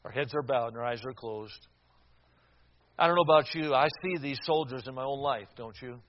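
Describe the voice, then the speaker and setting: A man in his sixties preaching a sermon, telling a personal story with dramatic swings from loud to hushed and some stammering restarts. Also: mid-range voice, a little fast, highs cut off.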